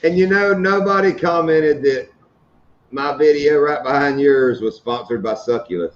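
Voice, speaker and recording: A man's voice: a little high, normal speed. Middle-aged guy shooting the breeze on a fishing stream, joking around, kinda lo-fi sound. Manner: joking storyteller, laughs at his own stories. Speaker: host of a fishing channel live stream. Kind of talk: casual live-stream chat.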